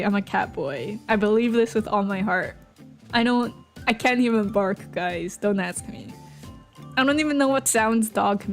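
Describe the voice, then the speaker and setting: Slightly high-voiced woman streamer rambling through a story, lots of likes and restarts, soft music behind. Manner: playful, giggly. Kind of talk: casual chat with viewers. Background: faint background music.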